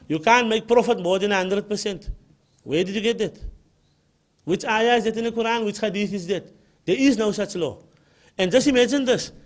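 A man with a Cape Town South African accent giving an emphatic religious lecture and often repeating his key points. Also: high voice. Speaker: Islamic lecturer.

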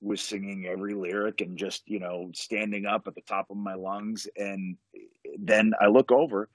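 This podcast guest, a professional wrestler, has a fairly low voice and a flat delivery at a moderate pace, recorded without echo. Rambling and enthusiastic, he keeps restarting as he tells an animated story in a casual conversation.

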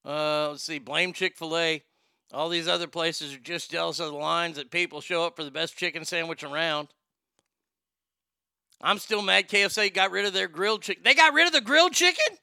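A Texan man ranting casually about fast food, swearing a lot and stumbling over restarts. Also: fairly high pitch, fairly even intonation, gravelly, bright, forceful tone, clear, resonant tone, no echo, studio quality. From Texas. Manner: profane, rambling, stammering restarts. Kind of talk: casual rant.

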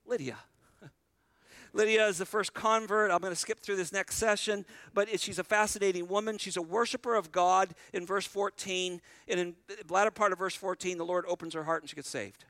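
A man's voice: a little high, fairly bright tone, clean tone, no room sound. A man preaching a sermon as pastor, talking straight to the congregation and retelling scripture in an earnest, conversational way. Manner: addresses the congregation directly.

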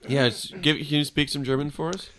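A man's voice: fairly high pitch, fairly even intonation, fairly quick, a bit bright. A man co-hosting a podcast, joking and teasing his guests in casual chat. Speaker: podcast co-host.

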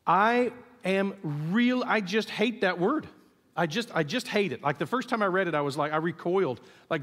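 A middle-aged man preaching a sermon, telling stories in an animated way and acting out the people he quotes. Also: sits high, normal speed. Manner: storytelling, animated, acts out quotes. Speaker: pastor. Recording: long reverb of a church hall.

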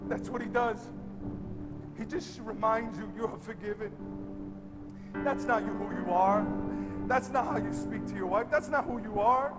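A male pastor preaching a sermon to a congregation in a large church, moving between quick, quiet asides and loud, drawn-out shouting. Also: high voice, loud music behind the voice.

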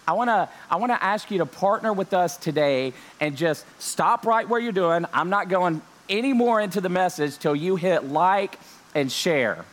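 A young male pastor preaches with a joking, lively delivery and a slightly higher voice, tossing in amens as he opens an online service from home. His talk is casual and full of asides. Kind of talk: online church sermon intro. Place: home during lockdown.

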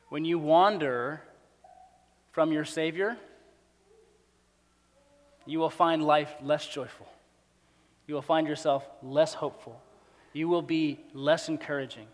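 Preaching in a big church hall, a man with an unusually high voice lets his words trail off in long reverb. His sermon shifts from soft, personal asides to booming, layered calls to action.

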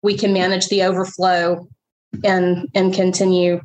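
A woman's voice: lowish voice, little pitch movement, measured pace, a little mellow, slight background noise, rough recording. A middle-aged woman, a bakery owner, telling her story in an interview, emotional and rambling.

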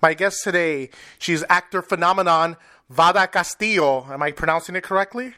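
A man from New York hosting a podcast, chatty and quick to laugh, often apologetic. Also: high-pitched, fairly even intonation, sharp tone. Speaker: podcast host. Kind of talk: casual interview chat.

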